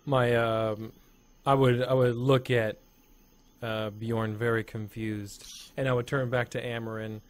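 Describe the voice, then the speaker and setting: A man playing a tabletop game, talking casually and softly with many hesitations. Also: medium pitch, little pitch movement, unhurried. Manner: hesitant, many fillers and restarts, softly spoken. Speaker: player.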